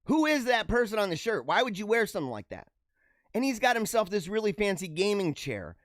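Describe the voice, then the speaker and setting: High, lively-voiced joking male host. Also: fairly quick, no echo, studio quality. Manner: joking, rambling, laughs often. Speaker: show host. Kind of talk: casual news commentary.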